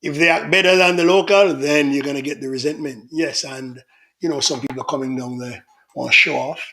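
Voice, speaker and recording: A man's voice: a little high, fairly even intonation, fairly quick, sharp tone. A middle-aged man hosting a casual livestream, reading out viewer comments in a chatty, teasing manner. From Jamaica. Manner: chatty, teasing, laughs often.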